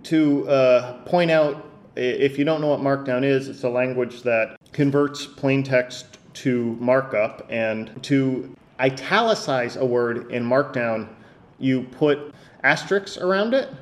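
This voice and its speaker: A man's voice: mid-range voice, slow pace. A man with a mid-range voice hosts a casual podcast. He talks in an incredulous, rambling way, full of fillers and false starts. He reads a passage aloud and then picks it apart. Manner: hesitant, many restarts and fillers, incredulous. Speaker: podcast host.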